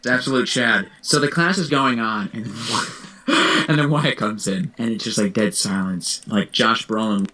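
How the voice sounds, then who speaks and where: Bright-voiced young man telling stories. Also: fairly low pitch, normal speed. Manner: animated, giggly storyteller. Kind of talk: casual storytelling.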